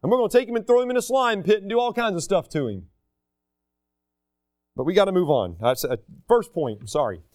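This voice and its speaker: A man's voice: sits high, no echo, studio quality. A man preaching a sermon, talking casually and acting out the people he quotes. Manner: animated, acts out the people he quotes.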